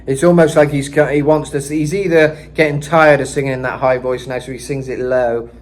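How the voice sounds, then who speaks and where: A man's voice: medium pitch, fairly even intonation, fairly quick, faint music behind. A man giving a casual vocal lesson, talking loosely with lots of "kinda" and "you know.". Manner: breaks into screamed metal demos. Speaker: vocal coach.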